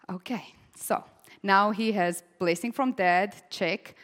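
A woman's voice: mid-range voice, takes it slowly, a bit bright. A woman preaching a sermon, telling a story in a chatty way, often laughing and acting out the voices. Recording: long hall reverb.

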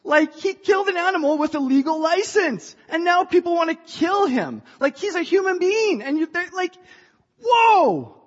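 A woman preaching a sermon to a church, passionate and rising to shouts. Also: very high voice, animated, normal speed, hardly any pauses. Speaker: church speaker. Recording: dull sound in a reverberant hall.

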